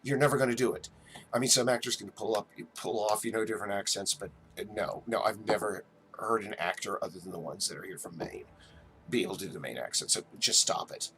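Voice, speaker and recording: A man's voice: fairly low pitch, quick pace, a bit bright. A man from New Jersey hosting a casual live chat, rambling and stammering as he answers viewers. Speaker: livestream host.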